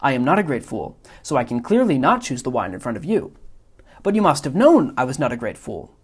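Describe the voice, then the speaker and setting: A man voicing a pompous, boastful criminal mastermind who lectures in a smug, rapid-fire way. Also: mid-range voice, sing-song, slightly rough.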